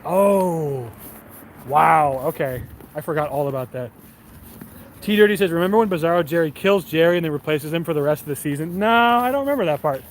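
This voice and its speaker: Young male streamer, slightly high voice, rambling profane chat on a night walk, faint traffic behind. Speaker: live streamer. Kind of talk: casual chat to stream viewers. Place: city street at night, outdoors.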